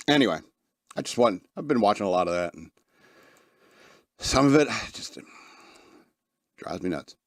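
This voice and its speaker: A man's voice: on the low side, expressive, moderate pace, long pauses, no room sound, studio quality. A man hosting a radio podcast in a casual monologue, rambling and laughing often as he acts out the people he describes. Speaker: podcast host.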